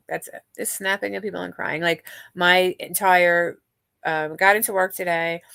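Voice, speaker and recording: A middle-aged woman hosts a livestream in a casual, rambling chat with her viewers. Her voice sits fairly low for a woman, and she talks openly, with lots of fillers and restarts. The sound is dry and close, with almost no room. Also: sharp tone, clear, resonant tone, no echo. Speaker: livestream host.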